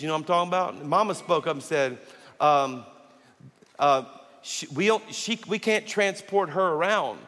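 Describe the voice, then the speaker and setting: A man preaching a sermon as pastor, telling stories animatedly and acting out the dialogue. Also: a little high. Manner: animated storyteller who acts out dialogue. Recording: long reverb of a large hall.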